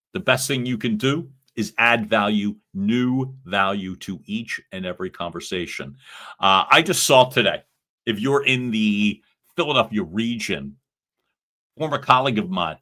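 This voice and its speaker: A lower-pitched man with a bright, forceful voice, coaching salespeople on a live stream. He talks emphatically and jumps into quick acted-out examples of client calls. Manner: energetic, emphatic, acts out sample phone lines.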